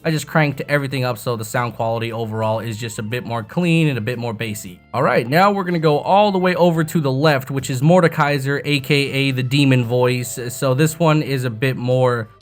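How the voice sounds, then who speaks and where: Brief: casual young male tutorial host, profane and self-mocking, bassy desk mic, faint music underneath. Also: fairly quick, hardly any pauses. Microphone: desk microphone with bass-boosting EQ.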